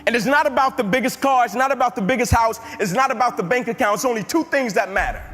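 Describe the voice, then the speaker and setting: A man's voice: extremely high pitch, fast, pushed and bright. A man giving a live motivational speech to an audience, emphatic and building his points through repeated phrases. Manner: emphatic, repetitive building cadences. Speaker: motivational speaker. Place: large hall before an audience. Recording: reverberant hall with music underneath.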